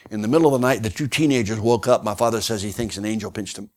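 A man preaching as a guest speaker, telling a story in a folksy, animated way with many fillers. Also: on the low side, fast talker. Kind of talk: sermon storytelling.

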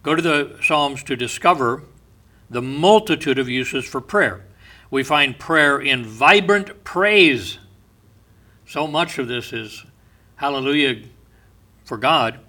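A male pastor giving a sermon, an unhurried storyteller who often drops to a soft, low voice.

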